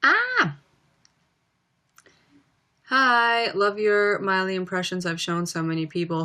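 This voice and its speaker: A woman's voice: fairly low pitch, lively intonation, a little slow, bright, forceful tone, clear, resonant tone. A young woman chatting casually on a livestream, reading viewer comments aloud with plenty of ums. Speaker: livestreaming singer.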